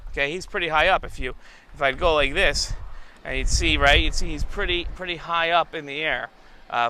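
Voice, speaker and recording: A man's voice: a little high, pushed and bright, clean tone. A man hosting a children's show outdoors, chatting straight to young viewers in a casual, explaining way. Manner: chatty, addresses viewers directly. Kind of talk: casual on-location explaining to kids. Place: outdoors beside a camel.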